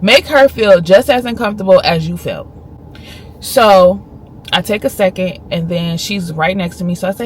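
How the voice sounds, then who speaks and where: A woman's voice: fairly low pitch, normal speed, slight background noise. A woman in her thirties, a vlogger earnestly and emphatically retelling a conversation. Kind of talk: casual storytelling vlog.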